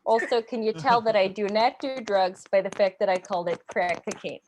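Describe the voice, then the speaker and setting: A young woman doing a stand-up comedy set, animated and slipping into accent impressions. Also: mid-range voice, brisk, slight background noise.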